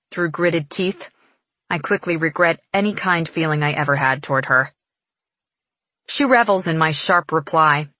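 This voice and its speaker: A woman reading first-person fiction aloud in a measured, expressive way. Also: deep voice, no room sound. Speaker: audiobook narrator.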